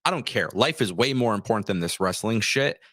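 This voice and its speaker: A man's voice: fairly low pitch, lively intonation, a little fast, fairly bright tone, dry recording, studio quality. A man co-hosting a livestream, talking in a fired-up, frustrated way and often stumbling and restarting his sentences. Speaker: co-host. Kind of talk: livestream wrestling talk.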